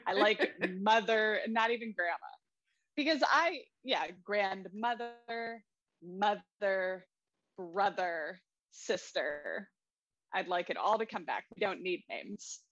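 A woman's voice: mid-range voice, animated, fairly bright tone, dry recording, highs cut off. A young adult woman co-hosting a podcast, joking playfully in casual chat. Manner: playful, joking, quick asides. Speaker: podcast co-host. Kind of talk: casual chat about a film.

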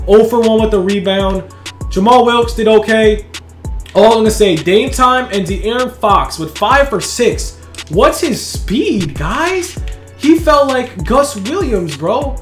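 A young man who hosts a gaming channel, giving live commentary on his own game. He shouts and cheers at big plays, then talks calmly. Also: sits high, takes it slowly, faint music behind. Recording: echoey room.

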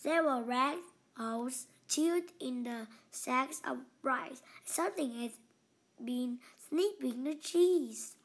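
Slow, high-voiced woman reading a storybook. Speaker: narrator. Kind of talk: storybook read-aloud.

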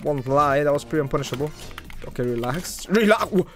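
A man with a fairly high, very lively voice commentates his own gameplay. He jumps between loud excited outbursts and quiet muttering, talking straight to his viewers. Faint music plays behind him. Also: fairly quick. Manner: excitable, swings from loud hype to low muttering; talks to viewers as "guys". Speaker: gaming video creator.

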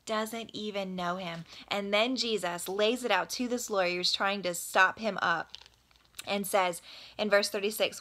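A woman's voice: medium pitch, fairly even intonation, measured pace, pushed and bright. A woman teaching the Bible, earnest and exhorting, who repeats phrases for emphasis.

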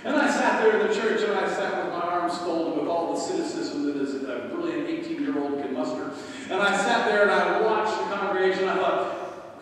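A man's voice: sits high, normal speed, fairly bright tone, a little hiss or hum. A male pastor tells a story in a sermon, mocking himself with dry humor. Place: large church sanctuary. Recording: echoey church hall from far off.

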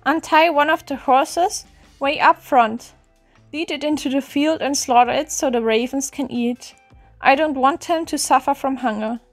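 A woman doing a cocky young servant from a fairy tale, high bright voice, brisk and boastful, giving quick orders, soft music behind, storybook reading. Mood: urgent. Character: bold, eager young male servant.

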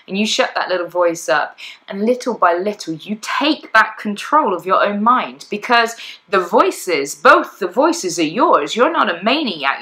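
A woman's voice: mid-range voice, sharp tone, rough recording. A woman life coach talking bluntly in a podcast monologue, acting out inner voices as she goes.

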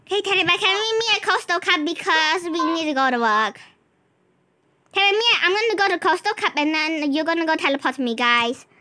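A woman's voice: very high-pitched, fairly quick, sharp tone. A woman hosting a gaming channel, chatting to a co-player and to viewers as she narrates a role-play game.

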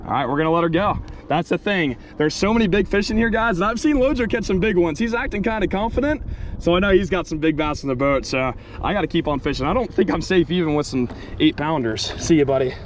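Brief: young male fishing vlogger, fairly high, very lively delivery, outdoor hiss behind. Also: quick pace. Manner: excitable, joking, shouts when hooked. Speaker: fishing video host. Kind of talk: casual outdoor vlog. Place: outdoors on the water.

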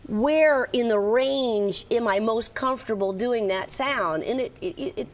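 A woman's voice: a little high, a little slow. A woman voice actor chatting playfully outdoors, trying her voice out at different heights. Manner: playful, slips into a cartoon boy voice. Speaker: voice actress. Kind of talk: casual chat.

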